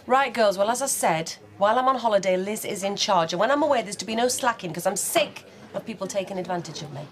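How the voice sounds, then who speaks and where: A woman's voice: fairly low pitch, fast, lightly acted. An actress playing a brusque, short-tempered woman boss. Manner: brusque, dismissive.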